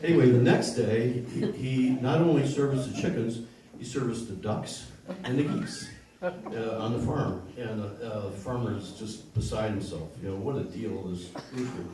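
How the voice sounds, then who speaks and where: A man's voice: mid-range voice, noisy background. A man hosting a small concert series, telling a joke and making announcements with many ums and uhs. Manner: rambling, halting with many fillers. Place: small concert venue with an audience. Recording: roomy live room recording from far off with crowd.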